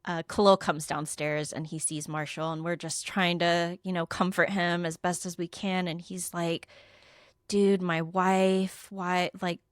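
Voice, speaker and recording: A woman's voice: lowish voice, little pitch movement, moderate pace, hardly any pauses, dry recording, clean studio sound. A young adult woman co-hosting a podcast, casually telling a story, acting out quotes and swearing freely. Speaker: podcast co-host.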